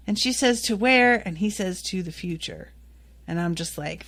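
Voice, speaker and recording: A woman's voice: high-pitched, expressive, moderate pace, a bit bright. A woman hosting a solo podcast, recapping a TV episode candidly and with exasperated, swearing asides. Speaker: podcast host recapping a TV series.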